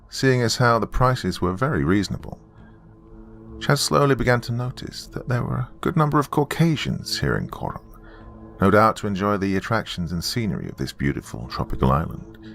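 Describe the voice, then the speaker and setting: A man narrating a horror story with lively, expressive storytelling. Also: lowish voice, vocal fry. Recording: soft music behind the voice.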